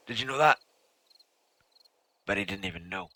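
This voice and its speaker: A man's voice: lowish voice, normal speed, long pauses, sharp tone. A man streaming a game, rambling goofily and stumbling through tongue twisters. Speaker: gaming streamer. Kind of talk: playful live-stream chatter.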